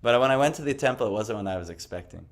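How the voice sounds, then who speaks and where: A man's voice: mid-range voice, lively intonation, rapid-fire. A man giving a casual personal testimony talk, rambling with lots of fillers and a self-amused tone. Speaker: devotional speaker.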